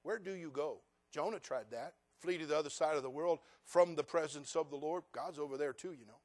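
Higher-voiced preaching man. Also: fairly quick. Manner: sarcastic, asks the congregation direct questions; swings from quiet asides to loud, rising preaching. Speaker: pastor. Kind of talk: sermon.

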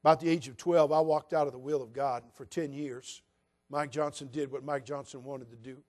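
A man's voice: mid-range voice, fairly even intonation, brisk. An older man from California preaching a sermon from the pulpit in a folksy, dramatic storytelling manner. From California, USA. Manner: folksy, dramatic, mimics quoted voices in hushed tones.

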